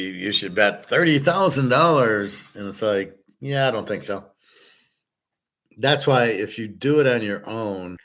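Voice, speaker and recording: A man hosting a casual stream, talking bluntly and in a rambling way, swearing and answering chat comments. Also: lowish voice. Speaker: host. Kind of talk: casual livestream talk on betting and gold.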